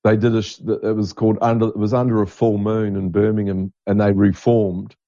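A man with a low, mellow voice chats eagerly in a podcast, often stumbling and restarting. The recording is dry with a slightly lo-fi sound. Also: little pitch movement, dry recording. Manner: enthusiastic, halting, with many restarts. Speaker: podcast co-host. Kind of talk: casual chat.

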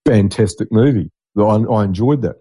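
A man's voice: fairly low pitch, normal speed, mellow, husky, no echo. A middle-aged man, a podcast host talking in a rambling, blunt, digressive monologue. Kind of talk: casual monologue.

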